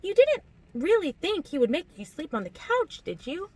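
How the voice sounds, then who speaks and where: A woman's voice: very high-pitched, big pitch swings, moderate pace, voice pushed up. A woman doing a perky, teasing young vampire girl. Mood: playful. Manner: bright, teasing, innocent-sounding.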